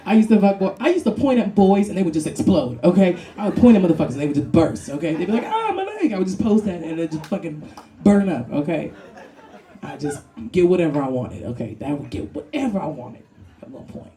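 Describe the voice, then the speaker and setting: A Brooklyn woman performs stand-up before a live comedy club audience, brash and profane and laughing through her punchlines. Her mellow voice sits on the low side and moves at a quick pace.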